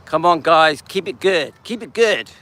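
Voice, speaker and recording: A man's voice: on the high side, expressive, a little slow, pushed and bright. An older man hosting a casual live stream while walking outdoors through a seaside town, chatting and greeting viewers by name.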